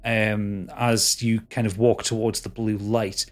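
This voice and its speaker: A man's voice: on the low side, level tone, measured pace. Hesitant male game master narrating. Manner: hesitant, full of fillers and restarts.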